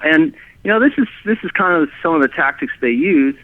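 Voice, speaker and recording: A man telling his own story as a guest, halting and animated, with many restarts and fillers. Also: high-pitched, creaky, no room sound. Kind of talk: rambling first-person storytelling. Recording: dry tinny phone line.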